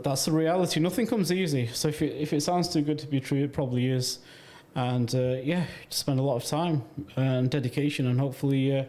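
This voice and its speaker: A man hosts a casual livestream chat in a voice of middling pitch. He speaks bluntly in long, rambling sentences and swears casually. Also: a little mellow. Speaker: host.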